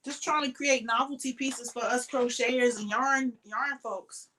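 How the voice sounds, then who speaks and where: A tired woman hosts a casual live stream with a bright, forward tone. Her pitch sits a little high. She rambles in a chatty way and greets viewers by name. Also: fairly even intonation, unhurried, slight background noise, rough recording. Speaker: crochet live stream host.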